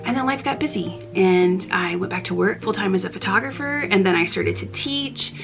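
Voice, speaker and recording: Earnest woman vlogger with gravelly voice. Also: mid-range voice, animated, moderate pace. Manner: earnest, open, chatty. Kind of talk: heartfelt talk to camera. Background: background music.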